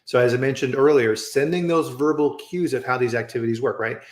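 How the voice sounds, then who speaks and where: Speaking fairly quickly in a mid-range voice, a man hosts a relaxed live-stream chat over a video call, spinning animated stories and tossing in "right?" often. The room echoes noticeably.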